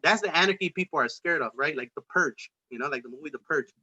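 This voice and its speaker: Guy rambling on a podcast, swears a lot, slangy, kinda high sharp voice, muffled lo-fi sound. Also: fast, husky. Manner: rambling, profane, streetwise slang. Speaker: podcast host. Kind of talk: casual political debate chat.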